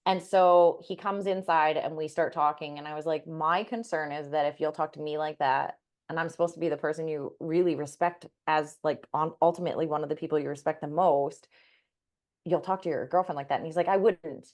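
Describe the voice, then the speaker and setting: Candid, low-voiced woman telling a story. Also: steady tone, a little fast. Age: middle-aged. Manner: candid, swears freely, frequent "like" fillers. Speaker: podcast co-host. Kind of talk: casual storytelling chat.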